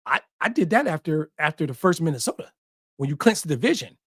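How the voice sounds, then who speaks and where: A man's voice: a little high, very animated, quick pace, breathy edge, no room sound, clean studio sound. A man hosting a sports podcast, talking emphatically and repeating short punchy lines, with an occasional curse. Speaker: podcast host. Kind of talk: passionate sports talk.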